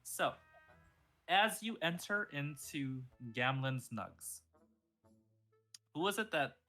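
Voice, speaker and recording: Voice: medium pitch, lively intonation, slow, pushed and bright, faint music behind. A game master narrating a tabletop game in a playful way, laughing often.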